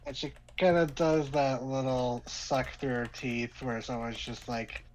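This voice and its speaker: A man narrating as game master at a tabletop game, loose and halting in his wording. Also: medium pitch, flat delivery, a little mellow, a little hiss or hum, low-quality recording.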